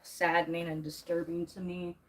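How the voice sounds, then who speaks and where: A woman's voice: on the low side, flat delivery, normal speed, fairly bright tone, slight background noise, low-quality recording. A young woman ranting on a livestream while she does laundry in her bedroom, heated and emphatic, with nervous laughs breaking in. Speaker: streamer. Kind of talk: angry ranting livestream chat.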